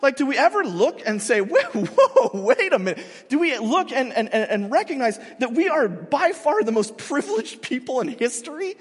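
A man's voice: extremely high pitch, sing-song, moderate pace, hardly any pauses, husky. A man in his thirties, a pastor giving a sermon in a large hall, talking in a casual, self-mocking, conversational way.

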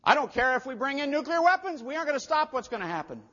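A male pastor preaching a sermon, telling a story and building to loud, emphatic peaks. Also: very high voice, very animated, quick pace. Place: church sanctuary. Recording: dull lo-fi audio with long hall reverb.

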